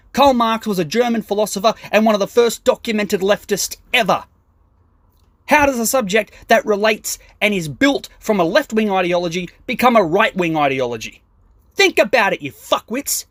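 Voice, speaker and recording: A man's voice: high voice, a bit bright, no echo, studio quality. A man doing an aggressive, profane stand-up comedy rant, mocking and sarcastic.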